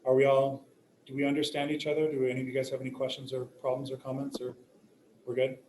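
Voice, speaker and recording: A man's voice: mid-range voice, monotone, fast talker. A male teacher lecturing a class, joking and checking in with "right?" and "okay?", recorded from a distance in a classroom. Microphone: recording device some distance away. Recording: roomy classroom echo, faint hum.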